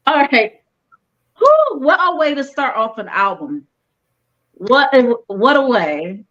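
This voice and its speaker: A woman's voice: high voice, big pitch swings, slow pace, a bit bright, dull audio. A woman chatting casually as a guest reviewer, playful and enthusiastic, laughing often. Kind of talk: casual music review chat.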